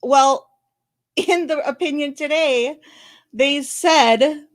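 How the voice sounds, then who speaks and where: A woman speaks on camera in a fairly high voice, close to tears as she delivers emotional commentary. She talks quickly and bluntly, breaking off to restart and apologize. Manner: fast, blunt, candid talk with many apologies and restarts. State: tearful, crying on and off. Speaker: channel host commenting on a legal case. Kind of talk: emotional live-stream commentary. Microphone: camera recording.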